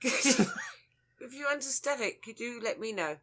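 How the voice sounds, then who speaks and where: A woman co-hosting a casual podcast, teasing her co-host with quick interjections. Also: a little high, animated, fairly bright tone.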